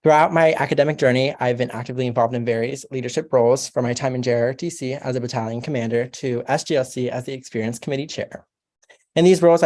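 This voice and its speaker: A man's voice: medium pitch, a little mellow. A young man, a college sophomore, giving a prepared, earnest speech as a candidate for a student court seat. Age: young adult. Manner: formal, measured and earnest.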